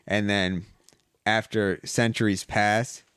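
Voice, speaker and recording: Twenties male guest, slightly low, halting and rambling, dry mic. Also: level tone, fairly bright tone, clean tone, no room sound. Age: 20s. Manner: rambling, hesitant, many restarts. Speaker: podcast guest. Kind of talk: casual podcast chat.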